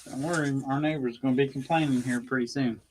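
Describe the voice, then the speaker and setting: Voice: medium pitch, fairly even intonation, fast talker, a little mellow, a little hiss or hum. A speaker joining a crafting livestream casually, reading viewer comments aloud and cracking dry jokes. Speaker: co-host reading chat comments. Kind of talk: casual chat.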